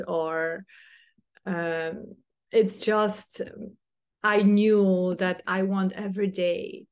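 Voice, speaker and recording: Woman in her thirties, slightly low voice, casual reflective talk, hesitant with fillers. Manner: hesitant, many fillers and restarts; earnest and heartfelt. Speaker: podcast host, mother.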